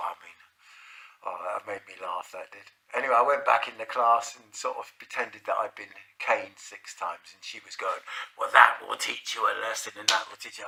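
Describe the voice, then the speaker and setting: A man's voice: lowish voice, sharp tone, poor audio. A man telling a casual anecdote, rambling with fillers and chuckling.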